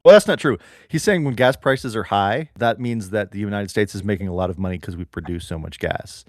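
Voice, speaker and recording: A man's voice: on the low side, fairly quick, a little mellow, no echo, clean studio sound. A man in his thirties co-hosting a podcast, chatting in a playful, jokey way. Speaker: podcast co-host. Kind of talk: casual chat.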